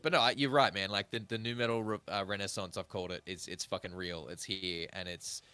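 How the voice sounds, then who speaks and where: A man in his thirties hosts a casual music podcast and rambles with animated energy, swearing freely as he goes. His voice sits a touch low but comes across bright and forceful. The recording is close and dry. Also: a little fast, clean tone, no room sound. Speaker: podcast host. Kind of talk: casual chat.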